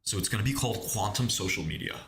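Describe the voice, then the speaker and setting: A man putting on a stiff male tech CEO delivering a corporate earnings pitch, halting with ums. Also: lively intonation, vocal fry, fairly bright tone, slight background noise. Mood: earnest pitch.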